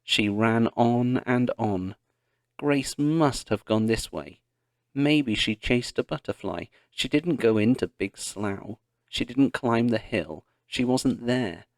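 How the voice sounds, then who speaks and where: Slow, gravelly male storybook narrator. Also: medium pitch, no room sound, clean studio sound. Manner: slow, deliberate reading. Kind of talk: read-along narration for children.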